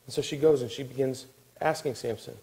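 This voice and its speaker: A man preaching a sermon, telling a story with acted-out quotes and dropping to a hushed, weary tone. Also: medium pitch, a little fast, vocal fry, rough recording. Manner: animated storytelling, acting out quotes, dropping to a soft hush. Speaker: pastor.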